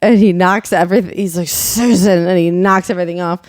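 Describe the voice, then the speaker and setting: A woman co-hosting a podcast, chatting casually about a film with quick interjections and frequent laughs. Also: on the low side, steady tone, no room sound, studio quality. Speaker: podcast co-host. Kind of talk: casual movie chat.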